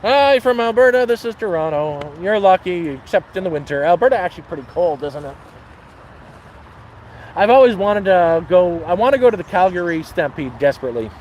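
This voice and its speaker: A man chatting casually on a livestream, crude and laid-back, swearing as he tells dark jokes. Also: sits high, lively intonation, fairly quick, slight background noise, low-quality recording. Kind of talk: casual livestream chat and joke telling. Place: outdoors near water.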